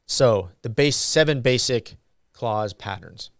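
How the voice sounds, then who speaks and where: A man giving a university grammar lecture, slow and halting with frequent ums and uhs. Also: mid-range voice, no echo, clean studio sound.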